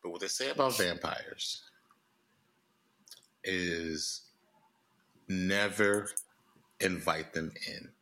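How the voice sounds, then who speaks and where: A man co-hosting a comedy podcast, joking and animated in casual chat. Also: sits low, very slow, pauses often. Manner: animated, joking, swings between voices. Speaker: podcast co-host.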